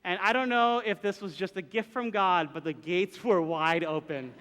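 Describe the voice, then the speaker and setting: A man telling a personal story to a live audience, animated and acting out the voices and sounds in it. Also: high-pitched, moderate pace. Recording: long hall reverb.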